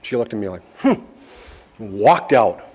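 A middle-aged man giving a sermon, telling a folksy personal story with slow, emphatic phrasing. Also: lowish voice, expressive, a little mellow, breathy edge. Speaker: preacher.

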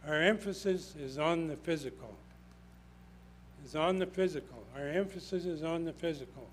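Older male preacher, emphatic, repeats lines, slightly higher voice. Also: moderate pace, a little hiss or hum, poor audio. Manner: emphatic, repeats phrases for stress. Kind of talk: sermon.

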